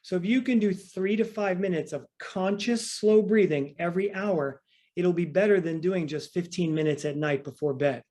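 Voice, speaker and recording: A man working as a breathing coach, guiding a breathing exercise by calmly counting the breaths, then explaining the method in plain words. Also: high-pitched. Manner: calm, counts breaths slowly and softly.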